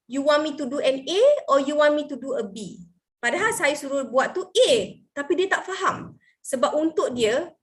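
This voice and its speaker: A middle-aged woman with a Malaysian accent and a high voice talks teachers through an idea. She slides easily between Malay and English as she explains. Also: a bit bright. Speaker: education speaker for teachers. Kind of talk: sharing-session talk to teachers.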